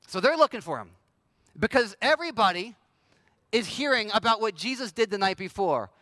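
A male pastor with a high, bright voice delivers a sermon in a loose, conversational way. He slips into little acted-out voices for the people he quotes. The sound is close and dry. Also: lively intonation, brisk, dry recording.

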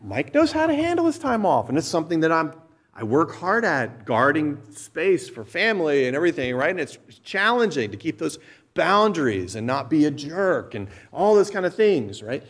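A man's voice: a little high, big pitch swings, moderate pace, a bit bright. A middle-aged man, a pastor, preaching a sermon in a conversational, storytelling way with frequent restarts.

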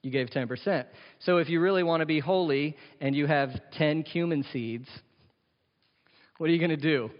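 A man's voice: on the high side, moderate pace. A man preaching in a church hall, his voice carrying with a long echo. The sound is dull and lo-fi. He presses his points with rhetorical questions and slips in jokey asides. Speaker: pastor. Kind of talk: sermon.

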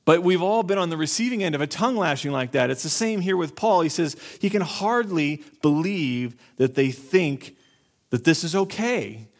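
A man preaching an expository sermon as pastor, talking deliberately and repeating key phrases. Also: fairly high pitch, lively intonation.

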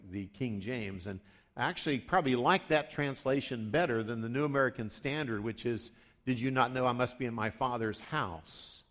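A man preaching a sermon in a conversational way, rising for emphasis and dropping low for asides. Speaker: pastor.

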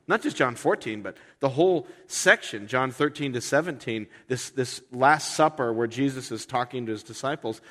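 A man in his forties preaching a sermon in a conversational way, breaking into lively acted-out quotes. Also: medium pitch. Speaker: pastor. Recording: long hall reverb.

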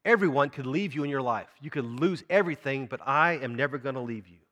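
A man's voice: medium pitch, fast talker, a bit bright, long reverb tail. A man preaching a sermon in a church, talking conversationally and asking the congregation questions. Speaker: pastor.

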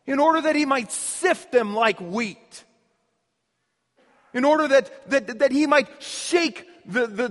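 Man, pastor, sermon, high-pitched voice, emphatic, long hall reverb. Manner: earnest, explanatory, emphatic repetition. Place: church.

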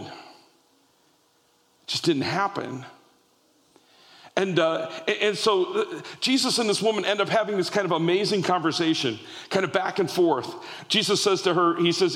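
A man preaching a sermon, retelling a story in an animated way with frequent restarts. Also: fairly high pitch, long reverb tail.

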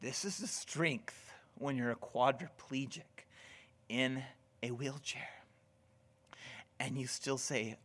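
Slow, deliberate male preacher. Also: medium pitch. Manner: deliberate, dramatic swings from loud to whispered. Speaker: pastor. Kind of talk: sermon.

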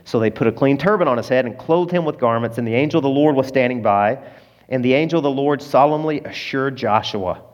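A man preaching a sermon as a pastor. His delivery swings between loud emphasis and hushed, low moments, and he is emotional, close to tears. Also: fairly quick, muffled recording.

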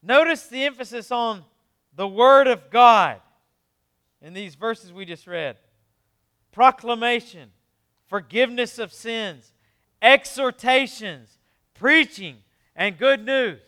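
A man preaching a sermon in a conversational way, with quick asides, moving between quiet, low passages and emphatic ones. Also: clear, resonant tone. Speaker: pastor.

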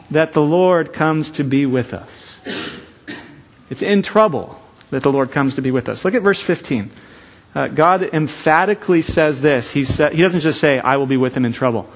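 Preaching a sermon in a fairly high-pitched voice, this man sounds earnest and emphatic. He slows down whenever he wants to stress key phrases.

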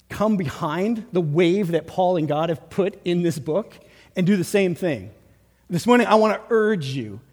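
A man's voice: high voice, a little mellow, long reverb tail. A man preaching a sermon as pastor, with an urgent, emphatic delivery. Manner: urgent, emphatic preaching with acted pep talks.

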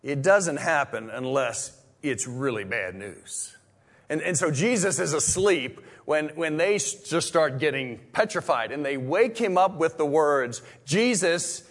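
A male pastor delivers a sermon in a fairly high voice. He talks conversationally, stumbling over restarts, then rises to loud exclamations or drops to a hushed whisper.

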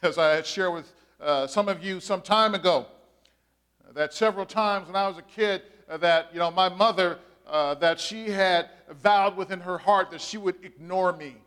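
A man preaching a sermon in a strikingly high voice. He stretches out his key phrases for emphasis and fills his pauses with "uh." He speaks as a pastor working through a passage with his congregation. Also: clean tone. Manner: animated preaching, drawn-out emphatic phrases, frequent "uh" fillers.

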